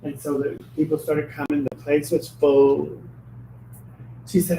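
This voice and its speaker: Man, spiritual reader, animated storyteller; mellow tone, a touch high, roomy room. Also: measured pace, creaky, a little hiss or hum. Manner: animated, acts out dialogue, laughs often. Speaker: spiritual reader on a live show. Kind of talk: casual storytelling. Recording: roomy, distant mic.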